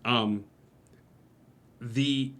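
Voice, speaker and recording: A man narrating as game master of a tabletop game, halting with fillers and laughs. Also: medium pitch, steady tone, a bit bright. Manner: hesitant, many fillers and laughs.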